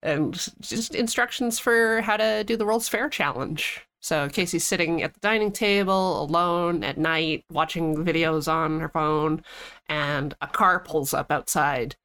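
A woman's voice: sits low, a little slow, fairly bright tone. A woman co-hosting a casual film podcast. She chimes in briefly and recaps scenes. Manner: brief interjections and plot recaps. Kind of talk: casual chat.

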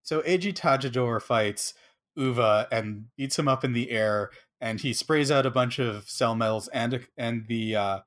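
A man's voice: medium pitch, a little slow, a bit bright. A man co-hosting a casual podcast, animatedly retelling a scene and acting out characters' lines. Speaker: podcast co-host. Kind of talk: casual chat.

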